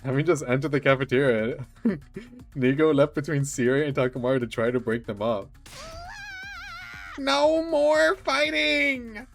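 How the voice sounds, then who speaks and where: A man streaming a visual novel, reading every character's lines aloud and breaking off into excited asides. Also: medium pitch, a little fast. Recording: faint music behind.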